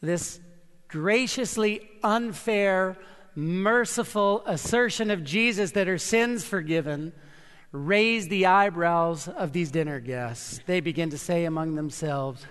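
A fairly high-voiced, bright male pastor preaching an earnest sermon in a slow, deliberate cadence. He leans hard on key words and lets dramatic pauses hang. His voice carries a long reverb, as if filling a large sanctuary. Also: smooth.

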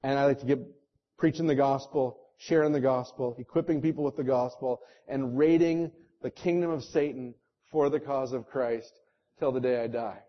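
A male pastor preaching an impassioned sermon that moves between loud, urgent exhortation and quiet, earnest prayer. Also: mid-range voice, fairly even intonation, moderate pace. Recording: dull lo-fi sermon recording.

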